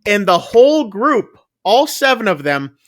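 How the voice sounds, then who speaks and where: A man casually retelling a film's plot on a podcast, chatty and loose, with quick asides. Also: sits high, sing-song, fairly bright tone, no echo, clean studio sound. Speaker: podcast co-host. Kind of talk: casual movie recap chat.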